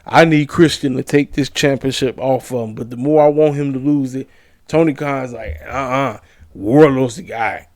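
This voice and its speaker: A man's voice: medium pitch, darkish tone, no echo. Tired, emphatic man, dry sound. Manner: emphatic, slangy, repeats himself for emphasis. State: tired, yawning late at night. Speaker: wrestling predictions host. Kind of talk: casual chat.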